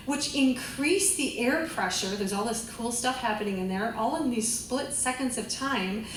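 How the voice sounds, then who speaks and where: A woman's voice: high voice, slight background noise. A woman vocal coach teaching a group class, chatty and enthusiastic, often laughing. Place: large room with a class. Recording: echoey room, voice from a distance.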